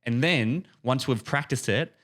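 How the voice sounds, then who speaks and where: A man's voice: medium pitch, a little slow, a bit bright. A man co-hosting a podcast and coaching, telling stories eagerly in casual chat.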